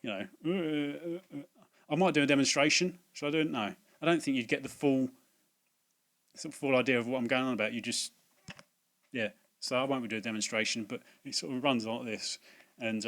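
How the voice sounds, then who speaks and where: Using his laptop's built-in mic in a room at home at dusk, a video host rambles through a casual unboxing of things he bought. His voice is medium-pitched and fairly bright, and his chatty talk is packed with fillers.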